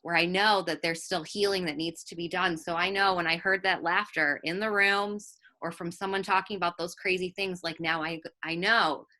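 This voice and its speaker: A woman's voice: on the low side, steady tone, moderate pace, hardly any pauses, bright, forceful tone. A woman guest on a casual recovery podcast, speaking in an earnest and reflective way.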